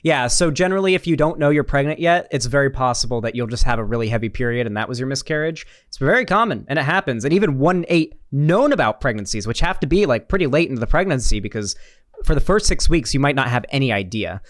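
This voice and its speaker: A man's voice: medium pitch, lively intonation, quick pace, dry recording, studio quality. A young man hosting a political reaction video, talking in a sarcastic, rambling way with many restarts. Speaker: political commentary host. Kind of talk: reaction commentary.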